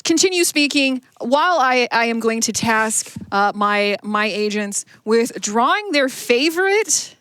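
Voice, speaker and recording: High-voiced playful woman game master. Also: fairly bright tone, dry recording, studio quality. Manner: playful, improvising narration with laughs. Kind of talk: live tabletop role-play at a charity marathon. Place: live charity marathon stage.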